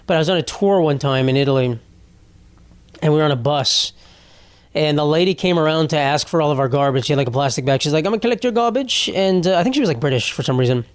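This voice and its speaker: A young man hosts a casual solo podcast, reading posts aloud and riffing on them, rambling, swearing freely and laughing as he talks. His voice is a bit high, fast, clear and resonant. The recording is dry and close, with no room sound.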